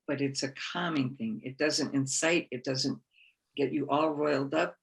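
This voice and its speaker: A woman with a gravelly edge to her voice speaks at a conference in a calm, encouraging way. She gives a reflective spiritual talk and repeats her key phrases to press them home. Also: very deep voice, normal speed, low-quality recording.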